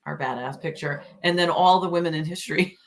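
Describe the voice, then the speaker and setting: Low-voiced woman co-host, chatty. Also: brisk. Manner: chatty, teasing, hesitant restarts. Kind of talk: casual chat.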